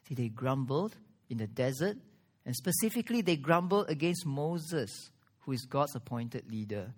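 A man's voice: medium pitch, expressive. Earnest male preacher. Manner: earnest preaching with strong pauses and rising emphasis. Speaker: pastor. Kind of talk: sermon.

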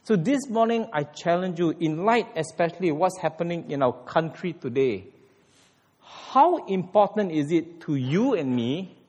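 A man preaching a sermon in an animated way, with sudden emphatic rises. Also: on the high side, in a large hall. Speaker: pastor.

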